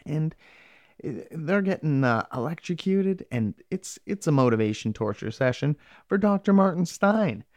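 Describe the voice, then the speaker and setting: A man's voice: a little high, lively intonation, normal speed, a little mellow, no echo. A man casually recapping a TV episode, rambling and profane, with sarcastic asides.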